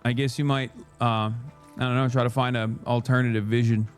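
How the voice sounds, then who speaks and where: A male streamer ranting in a sarcastic, mocking tone, cursing freely as he reacts to his critics. His voice sits at an ordinary middle pitch, with faint music playing behind him. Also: level tone, brisk. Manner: mocking, profane, sarcastic rants. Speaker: political streamer. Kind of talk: live-stream commentary.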